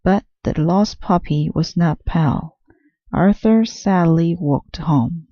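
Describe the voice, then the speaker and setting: A woman reading a children's picture book aloud with slow, careful, clear storytelling. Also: lowish voice, dry recording, lo-fi sound.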